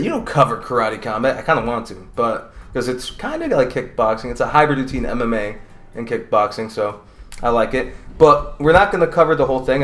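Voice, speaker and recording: A man's voice: medium pitch, a bit bright. A man giving a casual, profane and rambling recap of combat sports fights. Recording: roomy echo.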